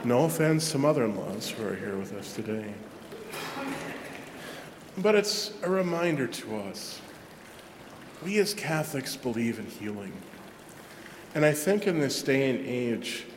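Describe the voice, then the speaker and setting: A man's voice: mid-range voice, animated, unhurried, long pauses, a little hiss or hum. Man preaching in an echoey church. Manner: conversational, self-deprecating preaching with quoted asides. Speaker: Catholic parish priest. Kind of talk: sermon. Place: large church. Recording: echoey church with long reverb.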